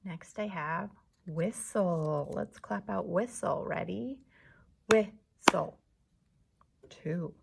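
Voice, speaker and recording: A woman's voice: fairly low pitch, slow pace, creaky, darkish tone, a little hiss or hum. A woman teacher leading a lesson for young children, patiently clapping out the syllables of words.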